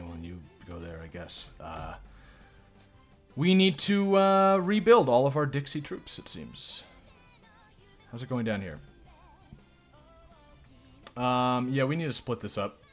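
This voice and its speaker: Male game streamer, casual commentary, lively pitch, profane jokes, faint music behind. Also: slow, long pauses. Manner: joking, profane, self-mocking. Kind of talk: casual live gameplay commentary.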